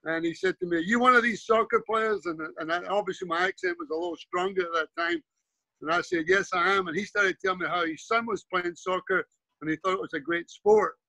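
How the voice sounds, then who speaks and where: A Scottish man in his seventies, once a player and later a coach, tells rambling stories in a relaxed interview, often restarting and saying "you know." His voice is high and steady with a sharp edge, and he talks a little fast. The audio is poor, though there's no echo.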